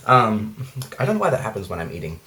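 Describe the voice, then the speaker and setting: A man's voice: lowish voice, huge pitch swings, quick pace, sharp tone. A young man chatting casually while eating on camera, rambling and self-mocking, full of fillers and acted-out quotes. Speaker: vlogger. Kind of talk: casual mukbang chat. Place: his room at night.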